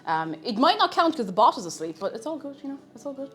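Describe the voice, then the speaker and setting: A woman's voice: sits high, sing-song, quick pace, a bit bright, soft background music. A young woman, chatting casually with viewers on a live cooking stream. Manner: chatty, greets viewers, makes silly animal noises.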